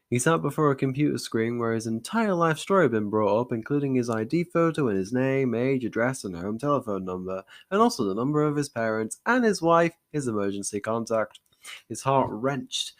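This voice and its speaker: Young man, mid-pitch, theatrical comic reading of his own story, wry asides. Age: young adult. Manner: theatrical, overwrought delivery, then wry self-mocking asides. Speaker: channel host reading his old story. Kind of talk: mock-dramatic comedic reading.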